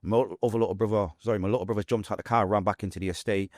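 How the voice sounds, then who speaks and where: A young adult man with a Manchester accent, telling his own story as a podcast guest, fast and vivid, acting out what people said. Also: lowish voice, fairly even intonation, a little mellow, no room sound, studio quality. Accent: Mancunian English. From Manchester, England.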